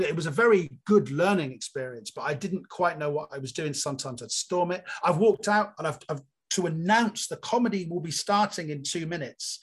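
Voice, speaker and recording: A comedian guest from Cornwall, telling candid, animated anecdotes with self-mocking asides in an interview. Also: male voice, a little high, breathy edge. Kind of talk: storytelling interview chat.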